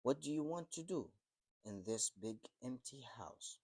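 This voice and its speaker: A man's voice: mid-range voice, expressive, a little slow, mellow, voice pushed up. A man reading the part of a sad, worried middle-aged uncle who asks questions with concern.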